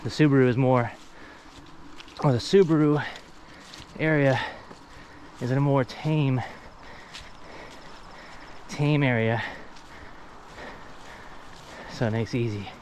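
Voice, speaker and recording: A man's voice: mid-range voice, steady tone, takes it slowly, pauses often, darkish tone. Out-of-breath male vlogger, chatty self-narration, handheld camera mic outdoors, faint background noise. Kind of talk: casual vlog narration. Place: outdoor junkyard.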